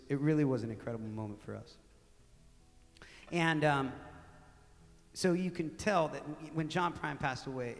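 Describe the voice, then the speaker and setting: A man with a mid-range voice tells stories between songs on a club stage, chatty and animated as he acts out what people said. He speaks into a stage microphone, and his voice rings with the long reverb of the live room. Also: mid-range voice. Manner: animated, conversational, with laughs and acted-out quotes. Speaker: singer-songwriter telling stories on stage. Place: small live music venue with audience.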